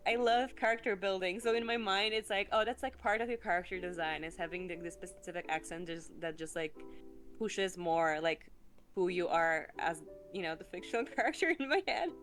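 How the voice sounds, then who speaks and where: A woman's voice: lowish voice, fairly quick, a bit bright. A woman chatting casually on an art stream, enthusiastic and rambling, with a lot of "like" in her talk. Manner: enthusiastic, rambling, heavy use of "like". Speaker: co-host streamer. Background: faint background music.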